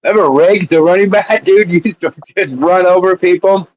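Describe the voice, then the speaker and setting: A man's voice: high voice, normal speed, no room sound, muffled recording. Rambling man telling sports stories. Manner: rambling, laughs often, tells stories. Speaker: co-host. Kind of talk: casual chat.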